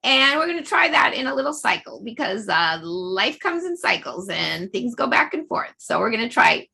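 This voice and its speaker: A middle-aged woman leads a laughter yoga session, bubbling with laughter and chanting. Her voice sits high and swings widely. She talks slowly, with a bright, slightly husky tone. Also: big pitch swings. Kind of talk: guided group exercise over video.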